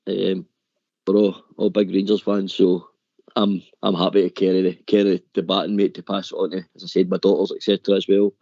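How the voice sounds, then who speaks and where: A man's voice: sits low, level tone, brisk, creaky, warm tone, no room sound. A man calling in to a radio phone-in, chatting earnestly and calling the host "mate" over a dull lo-fi line. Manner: earnest, says "mate" often. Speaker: caller. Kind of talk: casual chat.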